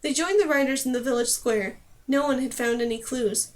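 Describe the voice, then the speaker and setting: A woman narrating a fantasy novel as an audiobook reader. Her voice sits high, and she tells the story in a steady, clear way. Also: fairly quick. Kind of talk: scripted narration.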